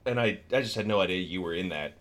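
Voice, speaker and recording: A man co-hosting a podcast in casual chat, animated and laughing often as he tells stories. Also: deep voice, fast talker. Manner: animated, laughs often, storytelling with bursts of excitement. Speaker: podcast co-host.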